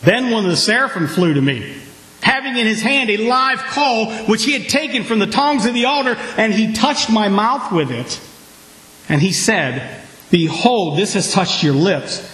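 A man preaching a sermon in a church, with call-and-response and sudden loud outbursts. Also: sits high, animated, moderate pace, roomy sound, low-quality recording. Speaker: pastor.

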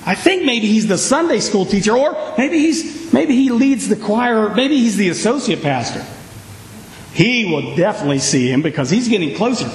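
Guy preaching, high voice, acts stuff out, big swings in pitch. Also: moderate pace. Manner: animated storytelling, acting out reactions. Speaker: pastor. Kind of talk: sermon. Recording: echoey hall.

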